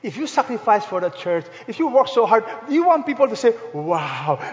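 High-voiced Filipino pastor in a reverberant hall. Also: male voice, expressive, fast talker. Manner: emphatic rhetorical questions, swings between loud and hushed. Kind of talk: sermon. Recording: reverberant hall, dull lo-fi sound.

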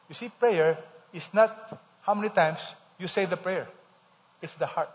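A man preaching a sermon, emphatic, repeating key phrases and leading the congregation in call-and-response. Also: high voice. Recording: dull sound with long hall reverb.

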